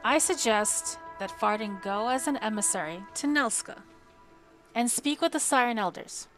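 A woman voicing a calm, firm male deputy mage who speaks in a measured way. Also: a little high, soft background music, close to an everyday voice.

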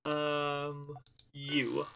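A man narrating his gameplay in an unhurried, drawn-out way, his voice sitting a little high. He's chatty and playful, with lots of "um"s and restarts and mock taunts at the enemy. A faint hum sits under the recording. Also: monotone, gravelly, fairly bright tone. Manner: chatty, with frequent fillers and restarts. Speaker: let's play host. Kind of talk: gameplay commentary.

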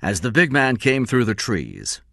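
A man reads a story aloud in a clear, measured style with a bright, lively voice. The recording is dry and close, made on a studio mic. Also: mid-range voice, dry recording. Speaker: narrator. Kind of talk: scripted audiobook narration.

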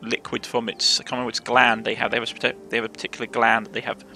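A man's voice: medium pitch, monotone, rapid-fire, gravelly, sharp tone, faint music behind. A man with a Cornish accent voicing a bold, adventurous young woman who hunts monsters, talking in a chatty, reassuring way with stumbling restarts.

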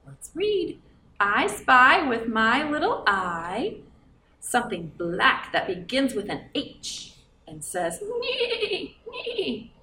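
A woman's voice: on the high side, big pitch swings, takes it slowly, gravelly, bright, forceful tone, a little hiss or hum. A woman librarian reading a picture book aloud to children in a coaxing, sing-song way and asking them questions. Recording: roomy, from a distance.

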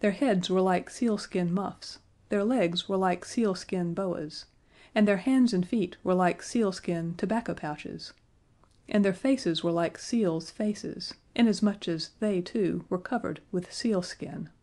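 A woman narrating a children's fantasy audiobook in a gentle, measured way. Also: fairly low pitch. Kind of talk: scripted storybook narration.

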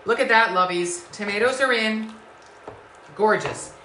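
A woman's voice: fairly high pitch, normal speed, pushed and bright, slight background noise. A woman hosting a live-stream home cooking show, effusive and greeting viewers by name with endearments. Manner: effusive, greets viewers by name and calls them sweetheart and lovies. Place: home kitchen. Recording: echoey kitchen.

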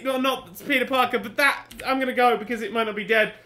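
A man's voice: very high-pitched, steady tone, quick pace, few pauses, pushed and bright. A man giving jumpy, self-talking commentary while playing a game, swearing often. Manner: jumpy, swearing, talks to himself. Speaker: gaming channel host. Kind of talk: let's play commentary.

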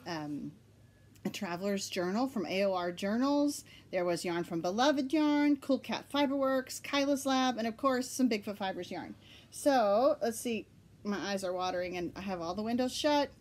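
Woman host, Oklahoma accent, bright higher voice, giggly and excitable, casual home podcast chat. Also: moderate pace.

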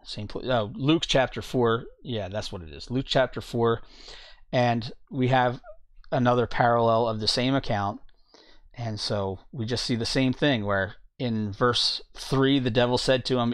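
A man giving an informal Bible teaching, reading scripture passages aloud and pausing to look up verses as he goes. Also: medium pitch, fairly bright tone, no echo, studio quality. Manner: reads scripture aloud, searching for verses mid-talk.

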